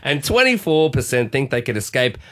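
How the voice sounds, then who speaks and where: A man's voice: mid-range voice, sing-song, moderate pace, a bit bright. A man co-hosting a radio show, joking as he reads out survey figures. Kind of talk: casual radio banter. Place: radio studio.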